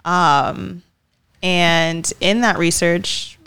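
A woman's voice: lowish voice, little pitch movement, extremely slow, fairly bright tone, clear, resonant tone. A woman co-hosting a casual chat, speaking earnestly and addressing the listeners directly.

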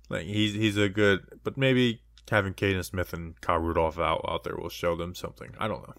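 A man's voice: low-pitched, fairly even intonation, normal speed, vocal fry, fairly bright tone, no echo, clean studio sound. A man co-hosting a casual sports podcast, joking around and rambling with plenty of "like" and "you know.". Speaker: podcast co-host.

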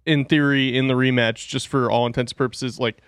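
A man's voice: mid-range voice, level tone, brisk, a bit bright, no echo, studio quality. Man explaining with hesitant fillers. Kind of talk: casual chat.

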